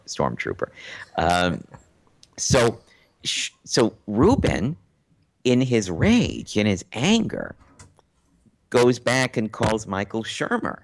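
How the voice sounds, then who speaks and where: A man recounting a personal story as an interview guest, animated and full of restarts and repeated words. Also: fairly low pitch. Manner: animated, acts out quotes in a raised voice; frequent restarts and stammered repeats. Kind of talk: casual storytelling.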